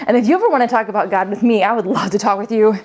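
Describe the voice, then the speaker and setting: A woman's voice: mid-range voice, rapid-fire, a little mellow. A young woman fitness coach, out of breath as she leads a home workout, chatting, counting reps and laughing often. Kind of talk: talking while leading a home workout.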